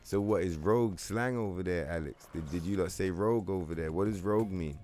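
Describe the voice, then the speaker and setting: A man's voice: deep voice, a little fast, darkish tone, faint music behind. A young man from London with a London accent, chatting casually on a gaming stream in loose slangy banter, answering his chat and swearing freely.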